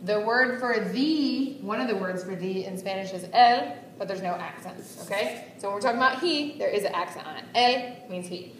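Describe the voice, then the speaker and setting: A woman's voice: mid-range voice, normal speed, few pauses. A woman teaching a Spanish class at a whiteboard in a chatty way, often checking in with her students. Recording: echoey room from far off, faint ambience.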